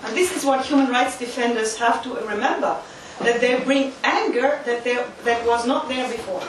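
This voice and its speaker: High-voiced woman lecturing in an echoey hall. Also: normal speed. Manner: emphatic, uses volunteer demonstrations. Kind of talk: interactive lecture. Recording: echoey hall from far off, faint noise.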